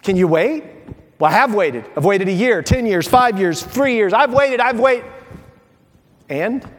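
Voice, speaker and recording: Male pastor preaching, highish voice, lively and jokey, long reverb in a church hall. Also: unhurried. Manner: animated, acts out dialogues, playful asides. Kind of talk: sermon.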